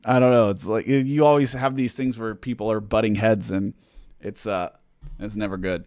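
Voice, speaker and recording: A man's voice: mid-range voice, steady tone, fairly quick, darkish tone, dry recording, clean studio sound. A man chatting casually on a livestream, answering fan questions in a rambling way, with lots of fillers and self-deprecating jokes.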